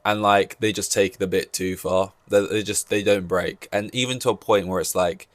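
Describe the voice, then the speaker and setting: A man's voice: low-pitched, steady tone, normal speed, few pauses, no room sound. A man hosting a solo podcast, rambling and joking through casual chat with many fillers and restarts. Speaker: podcast host.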